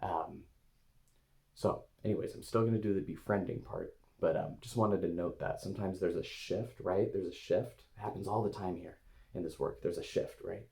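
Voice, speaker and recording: Soft-spoken, creaky low-voiced man. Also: fairly even intonation. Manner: hesitant and gentle, with many pauses and fillers; talks softly to an inner part with his eyes closed. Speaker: eating coach and video host. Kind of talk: demonstrating a guided meditation to camera.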